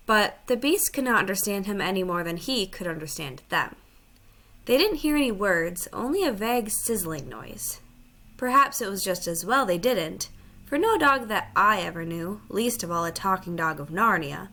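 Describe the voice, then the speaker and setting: A woman narrates a children's storybook aloud in a bright, clear voice. Her pitch moves lively up and down as she reads, lifting into higher, livelier tones whenever the animal characters speak. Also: moderate pace. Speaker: audiobook reader.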